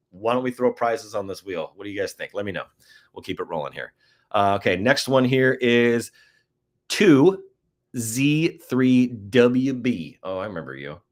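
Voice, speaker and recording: A man casually hosting a live-stream prize giveaway, goofy and chatty, reading out codes and talking to viewers. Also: medium pitch.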